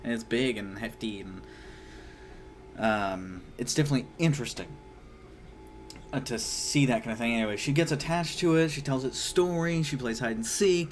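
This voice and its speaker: A man's voice: mid-range voice, slight background noise. A young man giving a casual spoken book review, chatty with lots of fillers, sometimes acting out characters in a raised voice.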